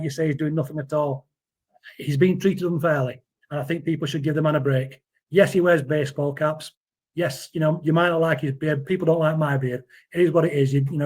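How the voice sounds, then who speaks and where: A man's voice: a little high, darkish tone. A man, talking earnestly in a casual interview, often repeating words as he defends someone. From Yorkshire, England. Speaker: interview guest.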